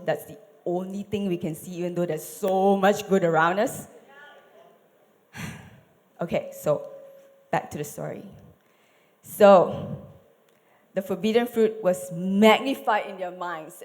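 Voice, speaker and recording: A woman telling a Bible story at a church service, animated, asking the audience questions and dropping to whispers for effect. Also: lowish voice, a little slow, pauses often. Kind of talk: dramatic storytelling sermon.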